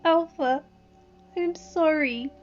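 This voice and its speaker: A woman voicing a young, injured male dragon who speaks in halting whimpers, in a storybook reading. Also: high-pitched, dull audio, soft background music, voice pushed up. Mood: hurting.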